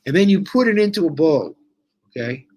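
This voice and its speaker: A man's voice: a little high, big pitch swings, a little fast, a little mellow, slightly rough. A man co-hosting a casual live stream, talking in an emphatic, bossy and joking way. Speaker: co-host.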